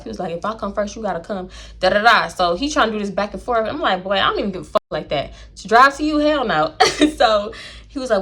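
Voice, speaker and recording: A woman's voice: mid-range voice, lively intonation, a little fast, a bit bright, breathy edge. A young woman with a Houston accent telling a casual story, acting out the voices of the people in it. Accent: Southern US, Houston. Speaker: storytime vlogger.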